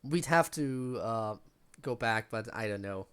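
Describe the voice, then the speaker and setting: A woman streamer chatting casually while playing a game, self-deprecating and quick to laugh. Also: a bass voice, lively intonation, fairly bright tone, smooth. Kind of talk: casual gaming stream chat. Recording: faint game music behind.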